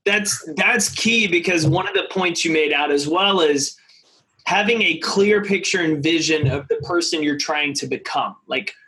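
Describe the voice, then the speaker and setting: A man's voice: fairly high pitch, moderate pace, bright, forceful tone. A man hosting an interview show, earnestly laying out ideas and setting up questions for his guest. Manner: earnest, thinks aloud with repeated words. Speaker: podcast host. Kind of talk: casual interview chat.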